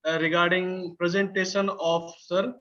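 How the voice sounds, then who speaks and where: A man hosts a webinar, speaking politely and deferentially. His voice is notably high for a man, and the audio comes through dull and lo-fi with a faint hiss behind it. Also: flat delivery, normal speed, pushed and bright. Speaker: moderator. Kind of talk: hosting a webinar.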